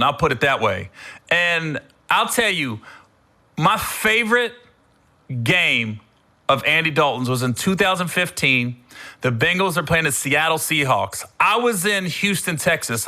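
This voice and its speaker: A middle-aged man hosting a podcast, telling funny stories in a casual, animated way, acting out his own shouting. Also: a little high, moderate pace. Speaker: podcast host. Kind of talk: casual storytelling monologue.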